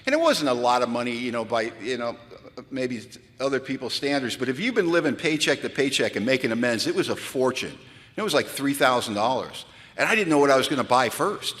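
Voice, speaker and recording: Guy telling funny stories on himself at a retreat, bright forceful voice, big echoey hall. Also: mid-range voice, fairly quick. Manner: animated, self-mocking storyteller. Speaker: recovery meeting speaker. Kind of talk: storytelling talk at a retreat. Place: large event hall. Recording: long hall reverb from a large venue.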